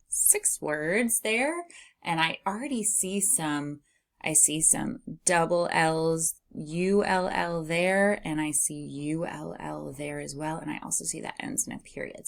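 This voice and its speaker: A woman's voice: sits low, gravelly. A woman teaching a phonics lesson to young readers, patiently spelling out letters and sounding out words as she reads. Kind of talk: teaching early readers, reading aloud.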